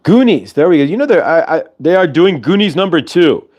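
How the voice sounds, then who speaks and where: A man's voice: a little fast, muffled recording. A man hosting a casual livestream, chatting in a rambling way over a video call. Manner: rambling, chatty, lively pitch swings. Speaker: host.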